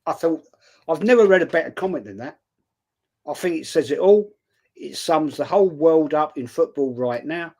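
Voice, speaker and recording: A man with a London accent hosting a casual football livestream, reading out viewer comments and giving shout-outs. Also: on the high side, animated, normal speed. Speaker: host.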